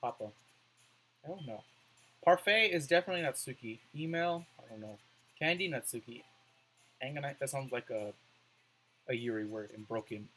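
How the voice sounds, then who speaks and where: A man talking through a game as a let's play, reading words off the screen and musing over which to pick. His pitch jumps around a lot, and his tone is bright and forward. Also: expressive, normal speed, pauses often, rough recording. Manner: reads on-screen words aloud, muses over choices.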